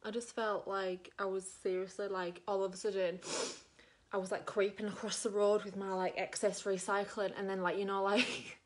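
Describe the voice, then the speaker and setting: A woman's voice: medium pitch, moderate pace, a little hiss or hum. Aussie mum chatting while she does her makeup, rambly, lots of likes and ums. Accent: Australian. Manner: rambling, animated storyteller with lots of filler. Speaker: makeup vlogger.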